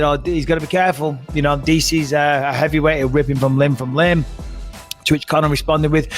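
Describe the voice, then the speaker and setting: A man hosting a casual podcast chat, talking bluntly and emphatically and swearing freely. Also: a little high. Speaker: podcast host.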